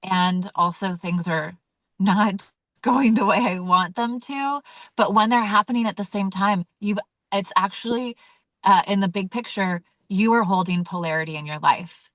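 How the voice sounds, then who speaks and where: A woman's voice: medium pitch, normal speed, a bit bright, no echo. A woman leading a weekly community call, talking casually and candidly with many fillers and acting out her own reactions. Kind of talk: casual teaching talk.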